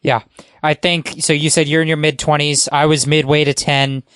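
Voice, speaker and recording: Enthusiastic man with a crisp, dry voice. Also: fairly high pitch, little pitch movement, moderate pace, a bit bright, no room sound. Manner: enthusiastic, rambling, many fillers. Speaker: podcast guest. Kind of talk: casual podcast chat.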